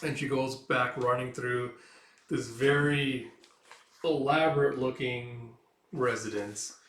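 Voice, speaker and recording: A man in a casual comic read-through, rambling along with constant fillers, in a mid-pitched voice. He sits away from the mic in a roomy, echoing space. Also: fairly even intonation, slow, a bit bright. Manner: rambling, filler-heavy retelling. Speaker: reader. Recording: roomy echo, mic far off.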